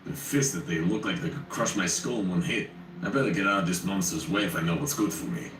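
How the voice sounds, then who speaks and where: A man's voice: deep voice, expressive, fast talker. A man narrating a first-person horror story in a wry, conversational way. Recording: roomy, distant, faint noise.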